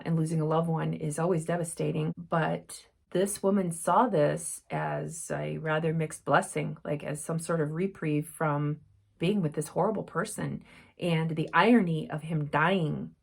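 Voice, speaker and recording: A woman's voice: low voice, gravelly, slightly rough. A middle-aged woman hosting her own channel from her home craft room, telling a story in an earnest, reflective way with many fillers. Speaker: channel host. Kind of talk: casual talk to camera.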